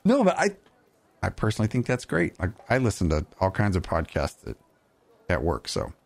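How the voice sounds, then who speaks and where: Animated man hosting a gaming podcast. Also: sits low, creaky. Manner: animated, jokey, quick asides. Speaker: podcast host. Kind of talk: casual gaming podcast chat.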